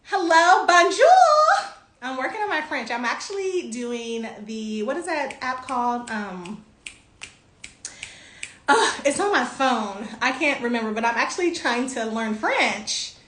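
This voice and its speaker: A young woman hosting a casual livestream, greeting viewers by name in bubbly, drawn-out sing-song tones. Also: fairly high pitch, expressive, fairly bright tone, echoey room, a little hiss or hum.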